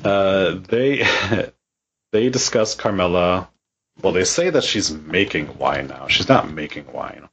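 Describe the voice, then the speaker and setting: A man's voice: sits low, lively intonation, slow, a bit bright, lo-fi sound, a little hiss or hum. A man co-hosting a podcast, chatting casually and bluntly with a lot of swearing. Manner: profane, blunt. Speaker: podcast co-host.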